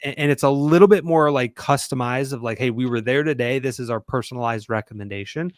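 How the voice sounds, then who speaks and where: A man's voice: medium pitch, quick pace, dry recording, studio quality. A man coaching a small business owner, direct and challenging, speaking from his own experience. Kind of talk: coaching conversation.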